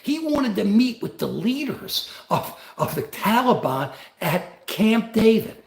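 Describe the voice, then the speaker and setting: A man's voice: sits high, big pitch swings, takes it slowly, vocal fry, hardly any pauses, roomy sound. An older man and grandfather, host of a livestream, giving rambling, combative political commentary.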